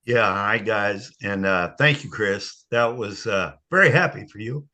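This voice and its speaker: An older man telling a personal testimony on a video call, halting and choked with emotion. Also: lowish voice, expressive, pushed and bright. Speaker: guest sharing a testimony.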